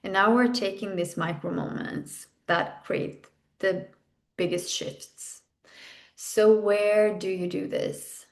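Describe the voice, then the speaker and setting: A podcast host and coach leads a self-development exercise in an intimate, frank way, swearing casually. Her medium-pitched voice is slow with fairly even intonation.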